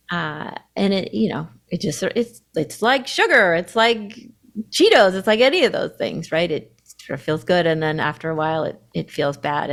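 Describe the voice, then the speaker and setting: Brief: candid woman podcast co-host with a slightly low voice, reflective, breaks into loud put-on inner voices. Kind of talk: reflective conversational chat.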